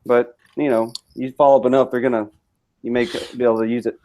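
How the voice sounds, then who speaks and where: Man, mid pitch, guest interview, relaxed dry humor. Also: fast talker. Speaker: podcast guest, real estate broker. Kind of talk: casual interview.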